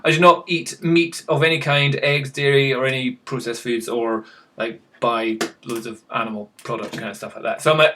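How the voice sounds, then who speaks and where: A man's voice: mid-range voice, normal speed, fairly bright tone, a little hiss or hum. A man chatting casually to camera in a rambling, self-mocking way, chuckling at himself. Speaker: vlogger.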